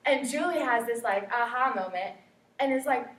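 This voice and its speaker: A woman's voice: fairly high pitch, normal speed, fairly bright tone. Young woman presenting in an echoey classroom. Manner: chatty, many fillers, acts out quotes. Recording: echoey room from far off, faint hiss.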